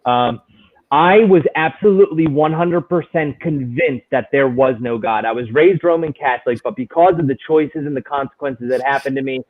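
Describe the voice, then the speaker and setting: A man's voice: mid-range voice, moderate pace. Candid man on a tinny line. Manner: candid, searching, full of restarts. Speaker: guest in recovery. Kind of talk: personal testimony in casual conversation.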